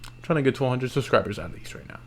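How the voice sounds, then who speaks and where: A man's voice: medium pitch, lively intonation, very fast, a bit bright. A tired man recapping MMA fights late at night in loose, slangy casual talk, yawning and restarting his sentences. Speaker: MMA YouTuber.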